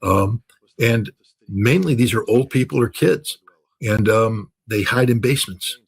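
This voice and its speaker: A man's voice: on the low side, unhurried, creaky, husky, low-quality recording. An older man talking in an unscripted interview as a guest commentator, emphatic and repeating phrases for stress.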